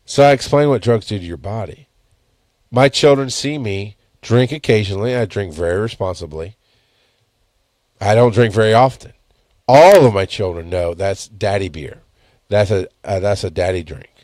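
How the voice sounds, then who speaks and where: A man's voice: on the low side, moderate pace, darkish tone, dry recording. Man, 30s, podcast host; profane, candid, rambling monologue into a dry close mic. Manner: blunt and profane, rambling with self-corrections. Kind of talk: casual solo podcast monologue. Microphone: headphones and studio mic.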